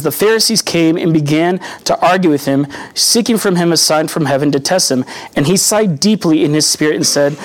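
A young man delivers a sermon in a slightly higher-pitched voice. He keeps it earnest and conversational, teaching more than proclaiming, and slips into little acted-out quotes along the way. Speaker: preacher.

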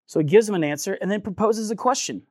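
A man's voice: high-pitched, quick pace, a little mellow, slightly rough, no room sound, studio quality. A man preaching a sermon in a conversational, earnest way, acting out the voices of people in the text as he goes.

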